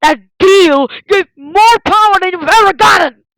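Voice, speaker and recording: A woman doing a solo fan dub of an animation, voicing every character with lots of yelling and screaming, through a deliberately overdriven mic. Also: very high voice, poor audio. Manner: yelling, screaming, dramatic shifts between roles. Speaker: fan voice-over artist. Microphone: deliberately distorted cheap mic.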